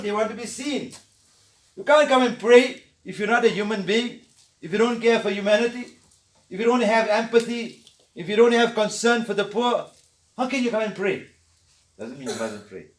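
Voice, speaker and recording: A middle-aged man teaching a religious study lesson, emphatic and excitable, switching between chanted recitation and explanation. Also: sits high. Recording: echoey room, mic at a distance.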